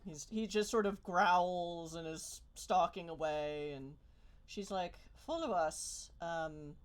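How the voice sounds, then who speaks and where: A woman's voice: on the low side, slow pace. A woman narrating as game master of a tabletop role-playing game, rambling with many fillers and restarts.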